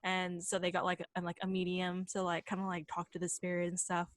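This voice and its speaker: A woman's voice: on the low side, monotone, a little fast, no echo, low-quality recording. A woman co-hosting a podcast, telling a story in a casual, chatty way, full of fillers and swearing. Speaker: podcast co-host.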